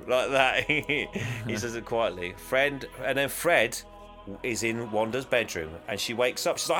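Brief: man, podcast co-host, bright forceful voice, lively, laughs a lot, faint music behind. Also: mid-range voice, measured pace. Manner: animated, laughing, acts out quotes. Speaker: podcast co-host recapping a film. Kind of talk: casual chat.

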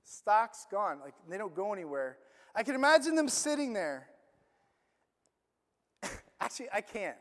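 Man, preacher, sermon, animated casual storytelling, very high voice, long hall reverb. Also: a little slow, pauses often. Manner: animated conversational storytelling with "like" fillers.

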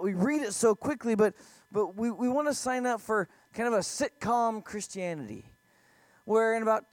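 High-voiced man preaching conversationally. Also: no room sound. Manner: conversational preaching with rhetorical questions. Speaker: pastor. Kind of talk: sermon.

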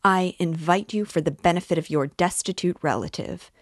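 A woman voicing a pompous, self-righteous middle-aged man in a book reading, measured and reproachful. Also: lowish voice, no echo, clean studio sound.

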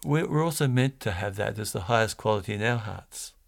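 Male priest, gravelly voice, sermon; storytelling delivery, restarts and fillers. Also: on the low side, expressive, a little fast.

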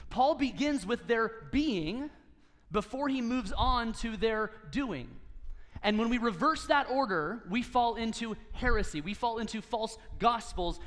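High-voiced preacher in a reverberant hall. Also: male voice, a bit bright. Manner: earnest teaching with light humor. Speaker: pastor. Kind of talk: sermon.

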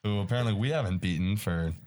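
A young man co-hosting a casual sports chat, recapping games in a steady, play-by-play way. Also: lowish voice, fast talker, a little hiss or hum. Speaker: co-host.

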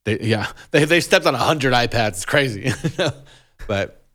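A man's voice: medium pitch, animated, measured pace, fairly bright tone. A man in his thirties, a podcast co-host, talking casually about parenting, rambling with frequent laughs and restarts.

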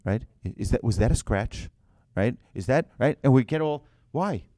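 A man giving an animated religious lesson to a group, asking rhetorical questions and telling anecdotes. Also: mid-range voice, normal speed, no echo, studio quality.

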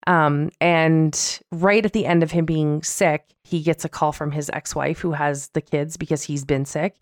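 Low-voiced woman podcast host, candid. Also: a little slow, no room sound, clean studio sound. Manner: candid, animated storytelling with quoted voices. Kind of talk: casual chat.

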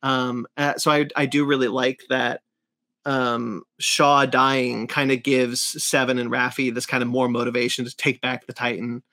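A man's voice: medium pitch, flat delivery, moderate pace, bright, forceful tone. A man hosting a podcast, chatting casually and with strong opinions, full of fillers and restarts. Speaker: podcast host. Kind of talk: casual review chat.

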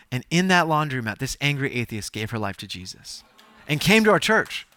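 A male pastor telling stories in a sermon, animated and self-deprecating, with bursts of loud exclamation. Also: medium pitch, fairly quick, clear, resonant tone. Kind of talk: sermon storytelling.

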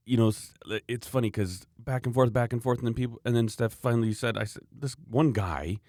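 A man's voice: medium pitch, fairly quick, darkish tone, dry recording, studio quality. A man in casual podcast chat, telling rambling anecdotes about his customers and acting out what they said. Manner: rambling storyteller, acts out quoted customers. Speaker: podcast co-host, knife maker.

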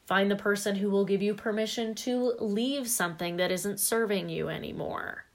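A woman's voice: medium pitch, normal speed. Candid, emphatic woman podcast co-host. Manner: candid, emphatic, casually swears. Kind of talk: casual chat.

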